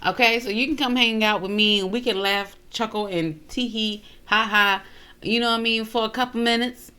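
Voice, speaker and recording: A woman hosting a casual reaction video, chatty and quick to exclaim. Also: on the high side, steady tone, bright, forceful tone, clean tone. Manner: chatty, exclaims and laughs often.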